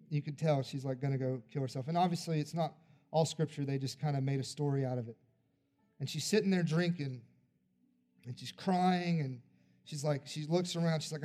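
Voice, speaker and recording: A man preaching at a church service, his voice pitched a little high but warm and mellow in tone. He leads an altar call in an earnest, pleading way, then lifts into fervent spoken prayer. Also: steady tone, moderate pace, soft background music. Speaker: pastor.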